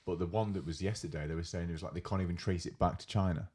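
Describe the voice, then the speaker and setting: A young man with a low, deep voice chats on a casual podcast. He tells workplace stories with gusto, acting out his coworkers' lines and swearing freely. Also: fairly even intonation, very fast, a little mellow, slightly rough. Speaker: podcast co-host. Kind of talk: casual chat.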